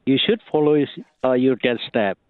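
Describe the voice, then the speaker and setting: A man calling in to a radio show, talking haltingly and repeating names. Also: mid-range voice, smooth, no room sound, narrow, tinny audio. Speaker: caller. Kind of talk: call-in radio.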